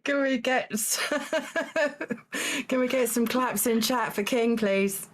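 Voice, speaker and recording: A woman hosting a charity live stream in casual banter, often halting and repeating words as she thinks. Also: a little high, fairly even intonation. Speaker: host of a charity stream event.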